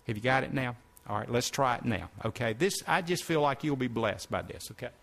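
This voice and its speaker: A man's voice: mid-range voice, a little fast, gravelly, fairly bright tone. A man preaching, reading scripture aloud and stopping to explain it to his listeners. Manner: reads verses then breaks in to explain. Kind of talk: sermon reading scripture with commentary.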